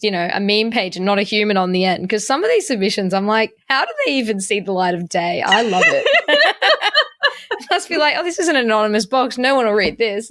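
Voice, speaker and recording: Giggly animated woman podcast host. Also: fairly high pitch. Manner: giggly, laughs often, animated. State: sober. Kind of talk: casual chat.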